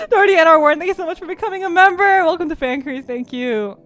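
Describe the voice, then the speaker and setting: A young woman streamer chatting casually, telling stories in an animated way and sometimes breaking into shrieks and laughter. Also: very high-pitched, fairly quick, faint music behind.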